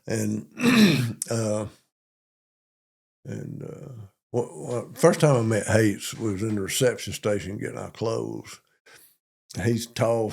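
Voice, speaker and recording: An older man from Monroe, Georgia, speaks with a Southern accent in a medium-pitched voice touched with vocal fry. He's a police chief, and during an interview he tells army stories in a folksy, repetitive, animated way.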